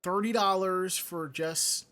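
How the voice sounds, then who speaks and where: A man's voice: sits high, slow, pushed and bright. A man co-hosting a live podcast, chatting casually, wandering off on tangents and reading viewer comments aloud into a home studio mic. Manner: rambling, digressive, reads chat comments aloud. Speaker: podcast co-host. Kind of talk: casual live-stream chat.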